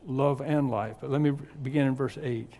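A man preaching a sermon as pastor, teaching through a scripture passage with slow, emphatic stress on key words and some dry humor. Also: mid-range voice, steady tone, warm tone. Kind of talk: expository sermon. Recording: long hall reverb.

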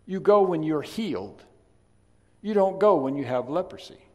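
A man preaching a sermon, chatty in his asides and then emphatic and loud on key points. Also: fairly high pitch, animated, moderate pace, highs cut off. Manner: conversational, swings from quiet asides to emphatic loud stresses. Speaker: pastor. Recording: long reverb of a large hall.

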